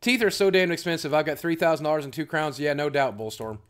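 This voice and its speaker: A man's voice: fairly high pitch, fast talker, a bit bright. A man chatting casually on his livestream with a voice that sits somewhat above the usual male range. He rambles from one thought to the next, talks bluntly with plenty of swearing, and answers questions from chat as he goes. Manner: blunt and profane. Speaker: livestream host.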